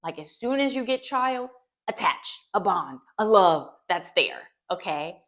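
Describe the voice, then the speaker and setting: A woman's voice: medium pitch, animated, measured pace, fairly bright tone. A woman speaking as a therapist and mother, giving earnest, reassuring advice to camera and often checking in with "okay?". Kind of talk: heartfelt talk to camera.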